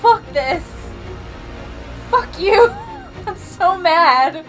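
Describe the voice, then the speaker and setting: A woman commenting on a game with loud exasperation and swearing. Her voice is high, bright, and swings widely in pitch. Faint game music sits underneath. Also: very slow. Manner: exasperated, profane, animated. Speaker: gamer co-host. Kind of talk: let's play commentary.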